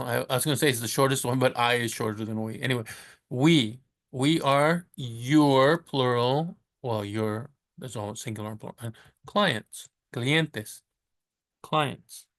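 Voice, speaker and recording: Male language teacher, relaxed and chatty, slow pace, self-correcting, reads examples carefully. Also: medium pitch. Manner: reads Spanish phrases slowly and clearly. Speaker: Spanish teacher. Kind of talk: casual recorded language lesson.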